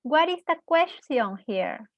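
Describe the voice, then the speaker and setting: A woman teaching an English class at a very slow, careful pace, stretching each word. Her voice sits a little high for a woman. The recording is dry and slightly dull, with the highs rolled off. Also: big pitch swings, no echo. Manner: switches between Spanish and English, asks the class questions and praises them. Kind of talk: slow, deliberate classroom explanation.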